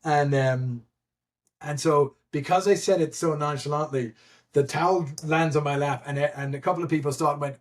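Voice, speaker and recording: A man telling a story in a casual podcast chat, animated and laughing, with many fillers and restarts. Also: on the high side, normal speed. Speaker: guest, event admin.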